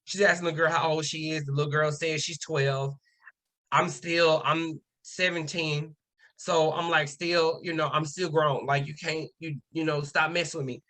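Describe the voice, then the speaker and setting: An animated man tells a story in relaxed chat, with a notably high pitch and a bright, forward tone. He slips into the voices of the people he quotes and uses casual slang. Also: normal speed. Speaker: podcast guest.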